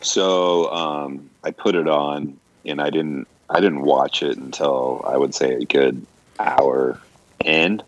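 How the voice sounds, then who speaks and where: A man's voice: very deep voice, steady tone, slow, no echo, muffled recording. A man in a casual podcast chat, laid-back and hesitant, with many fillers. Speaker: podcast co-host.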